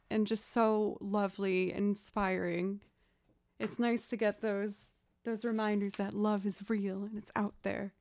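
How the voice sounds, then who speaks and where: A young woman from outside Boston, Massachusetts, a streamer and musician, chats casually with her livestream viewers about music and her loops, reading chat aloud and joking at her own expense. Her voice is medium-pitched and creaky.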